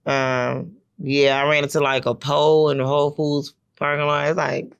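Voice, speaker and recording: A woman's voice: low-pitched, flat delivery, moderate pace, smooth. A woman in her thirties hosting a podcast, telling rambling stories with lots of fillers in casual chat. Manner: rambling, storytelling with many fillers. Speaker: podcast host.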